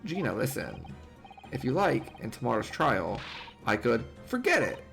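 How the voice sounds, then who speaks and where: A man voicing a kind, persistent young lawyer who pleads gently. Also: mid-range voice, wildly swooping pitch, normal speed, gravelly, faint music behind, heavily acted. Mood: pleading. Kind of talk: reading game dialogue aloud.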